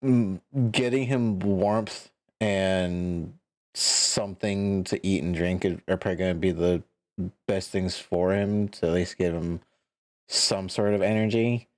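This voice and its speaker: Guy running a tabletop game, slow and halting, lowish voice, dry sound. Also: steady tone, no room sound. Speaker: game master.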